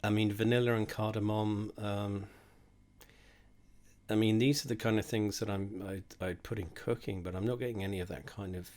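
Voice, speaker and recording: A man's voice: fairly low pitch, fairly even intonation, normal speed, a little mellow. A young man rambling and swearing through a casual drinks tasting while drunk, mocking himself as he goes. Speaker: host of a drinks tasting video. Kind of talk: casual tipsy tasting monologue.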